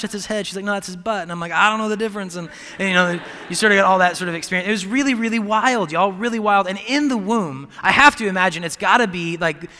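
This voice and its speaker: Bright-voiced man preaching in a hall. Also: sits high. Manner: conversational, rambling with many fillers and restarts. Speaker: pastor. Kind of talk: sermon. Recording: long hall reverb.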